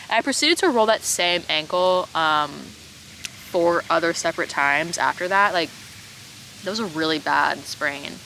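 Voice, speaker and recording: A young woman in her twenties tells a story to camera, dramatic and loose, swearing and packing her sentences with "like". Her voice sits fairly low but sounds bright and forceful. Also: a little hiss or hum, rough recording. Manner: dramatic, heavy on "like" fillers and swearing. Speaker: vlogger telling a personal story. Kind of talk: casual storytime monologue.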